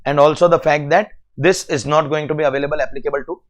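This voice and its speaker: A male lecturer with an Indian English accent works through a tax lesson. His voice sits a little high, and he keeps firing rhetorical questions at the class with lively energy. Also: quick pace. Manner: animated, rhetorical questions to students. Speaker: CA exam lecturer.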